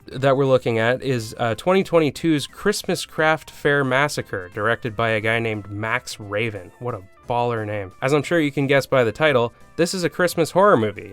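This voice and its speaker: A Canadian man with a Canadian accent narrating a comedic movie review, with sarcastic deadpan asides. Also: medium pitch, clean tone. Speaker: video reviewer host.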